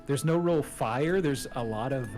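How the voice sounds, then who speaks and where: A man chatting as a guest, telling stories in a rambling, animated way with many restarts. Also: mid-range voice, a little slow, soft background music. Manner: rambling, animated storytelling with laughs. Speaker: guest streamer. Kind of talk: casual chat.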